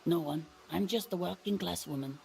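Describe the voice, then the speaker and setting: A sturdy working-class woman from a video game, curt and guarded, brushing off questions with flat, dismissive answers, as a man puts her on. The voice sits well above his own talk and has a gravelly, creaky edge. It sounds set back a little from the mic. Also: high-pitched, moderate pace, voice pushed up, heavily acted.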